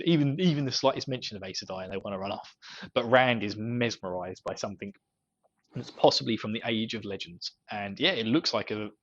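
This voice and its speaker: A man's voice: medium pitch, a bit bright. A man co-hosting a podcast, casually recapping a book chapter and chuckling often as he goes. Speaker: podcast co-host. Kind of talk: casual book discussion chat. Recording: dull lo-fi podcast audio.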